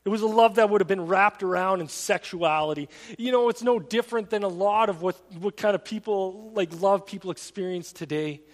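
A man's voice: high voice, a little fast, few pauses. A pastor, a man, preaching a sermon in a conversational, earnest storytelling manner in a church sanctuary. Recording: long reverb of a large hall.

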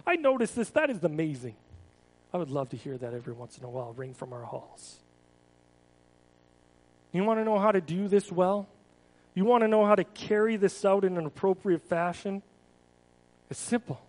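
A man's voice: high voice, normal speed, pauses often, darkish tone, poor audio. A male pastor giving a conversational sermon, casual and repeating words, often asking the congregation questions.

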